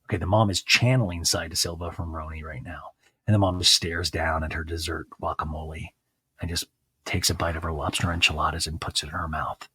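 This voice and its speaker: A man's voice: low voice, flat delivery, a little fast, bright, forceful tone, husky, no echo. A man hosting a comedic solo podcast recap of a TV show, chatty and gossipy with dramatic asides. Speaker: podcast host.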